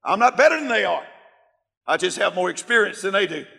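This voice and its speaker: Fervent gravelly preacher man. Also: high-pitched, lively intonation, a little fast. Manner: fervent, emphatic, bursts into shouting. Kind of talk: sermon storytelling. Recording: long hall reverb.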